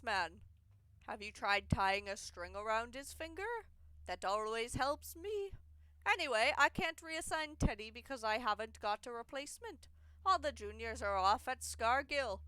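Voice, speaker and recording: A woman reading a game letter aloud as a male chief engineer, in a slow, uncertain put-on British accent. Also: sits high, pushed and bright, no echo, full character voice.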